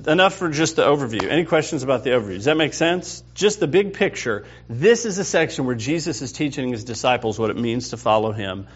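A man teaching a Bible class in a conversational, animated way, often checking with the group. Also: medium pitch, fast, hardly any pauses, husky. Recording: dull lo-fi recording.

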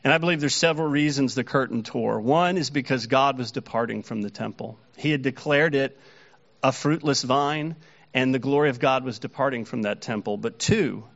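A man's voice: medium pitch, moderate pace, vocal fry, a bit bright, muffled recording. A man preaching a sermon earnestly, his voice rising when he quotes the mockers. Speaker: pastor.

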